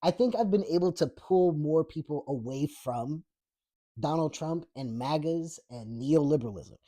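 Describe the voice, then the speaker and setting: Profane laughing podcast host, mellow voice. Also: male voice, a little high, animated, normal speed. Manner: profane, blunt and laughing often; rambling with many fillers and restarts. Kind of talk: casual political rant reading live chat.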